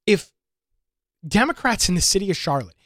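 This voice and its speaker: A man hosts a political talk show, pressing his points with emphatic, indignant repetition. His voice sits a little high for a man. The sound is close and dry, with no room around it. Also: big pitch swings, normal speed, fairly bright tone, dry recording. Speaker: radio talk show host.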